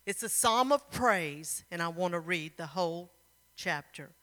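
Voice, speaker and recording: A woman's voice: lowish voice, lively intonation, measured pace, sharp tone, in a large hall. A woman preacher telling a story and then exhorting her congregation, her sermon rising to fervent emphasis, in a church.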